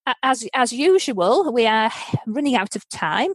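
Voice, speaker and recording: A woman's voice: a little high, very animated, measured pace, no room sound. Casual british lady hosting a chat podcast, laughs a lot, dead dry sound. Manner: chatty, laughs often, many restarts. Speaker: podcast host.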